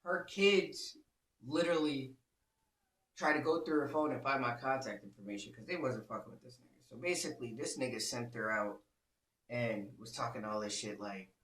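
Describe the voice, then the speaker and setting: A man's voice: medium pitch, normal speed, fairly bright tone. A man in his thirties telling a personal story in a casual, profane, slang-heavy way. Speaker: storyteller host. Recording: echoey room, mic at a distance.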